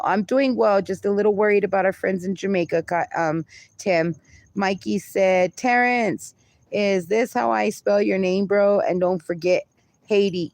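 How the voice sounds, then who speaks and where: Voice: medium pitch, darkish tone, no echo. A livestreamer in casual chat who reads viewer comments aloud and laughs often.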